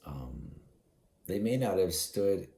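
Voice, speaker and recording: A man's voice: low voice, very animated, slow, mellow. A man rambling in a solo vlog monologue, musing aloud with many fillers and restarts, chuckling now and then, sleepy and yawning. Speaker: vlogger.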